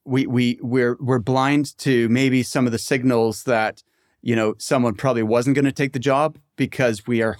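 A man's voice: mid-range voice, steady tone, moderate pace, dry recording, clean studio sound. A man hosting a podcast interview, thinking aloud with frequent restarts. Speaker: podcast host. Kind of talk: conversational interview.

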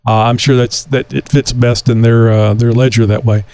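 A man's voice: medium pitch, steady tone, normal speed, a little mellow. A man from Texas hosting a casual talk show, rambling with many fillers. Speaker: podcast host.

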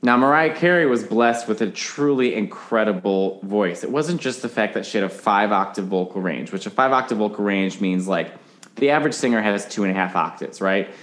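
A man's voice: on the low side, animated, brisk, fairly bright tone. A man as a podcast guest in casual chat, animatedly explaining singing technique and breaking into sung examples.

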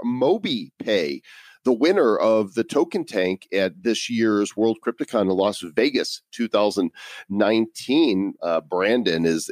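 A man's voice: medium pitch, darkish tone, no room sound. Man, playful podcast co-host, ad reads, dry close sound. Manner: playful, reads sponsor spots. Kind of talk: casual podcast banter with ad reads.

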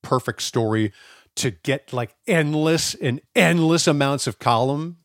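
A man's voice: on the high side, a little slow, no room sound, clean studio sound. A man co-hosting a podcast, talking loosely and thinking aloud with many fillers. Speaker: podcast co-host. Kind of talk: casual podcast banter.

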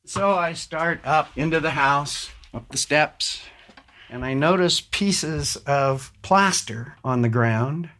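A man slowly recounting a violent attack in first person, measured and deliberate, rising sharply when he quotes shouts. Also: mid-range voice. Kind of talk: slow first-person storytelling.

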